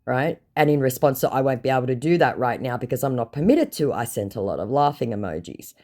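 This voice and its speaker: A woman's voice: very deep voice, lively intonation, fast, darkish tone. A woman telling a story about a scam chat in a casual, sarcastic and mocking way. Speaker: scam-baiting content creator.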